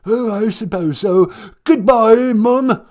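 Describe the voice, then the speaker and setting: A man's voice: high voice, slow, a little mellow. A man doing a whiny English prince. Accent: put-on English. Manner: plaintive, whining. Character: whiny self-pitying young English prince.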